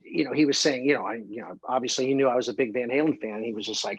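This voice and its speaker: A male musician guest from Ohio, telling excitable, rambling stories full of fillers in a casual interview. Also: medium pitch, rapid-fire, hardly any pauses, slightly rough, no room sound, dull audio. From Columbus, Ohio.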